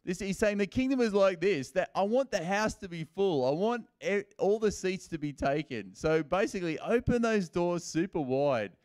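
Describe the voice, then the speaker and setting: A man's voice: high voice, lively intonation, moderate pace, few pauses, darkish tone, clear, resonant tone, no room sound, clean studio sound. A man preaching as a pastor at a church service, telling the stories in a casual, conversational way and acting out what people say. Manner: casual and storytelling, acting out quoted lines in everyday speech. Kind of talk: conversational sermon.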